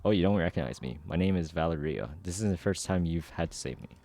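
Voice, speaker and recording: Dude reading shy thankful schoolgirl, earnest, low mellow voice. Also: lively intonation, fast, faint music behind. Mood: grateful.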